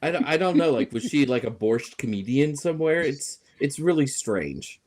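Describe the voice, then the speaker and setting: A man's voice: mid-range voice, sing-song, moderate pace, a little mellow. Sarcastic joking man co-hosting. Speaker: co-host. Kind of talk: casual chat.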